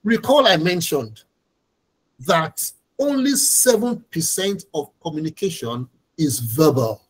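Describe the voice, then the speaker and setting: Husky instructor explaining patiently. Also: medium pitch, low-quality recording. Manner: patient, explanatory, repeats key points. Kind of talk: online training lecture.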